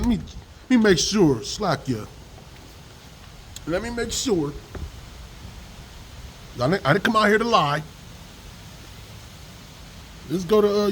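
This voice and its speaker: Profane man preaching in a high, lively voice. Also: a little hiss or hum, rough recording. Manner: profane, preachy and rambling, with slang. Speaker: vlogger preaching on scripture. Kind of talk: casual religious rant with scripture reading.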